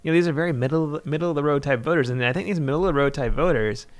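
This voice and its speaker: Male journalist guest, quick and analytical, smooth clear voice. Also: fairly high pitch. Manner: analytical, steady, with frequent fillers. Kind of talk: political panel discussion.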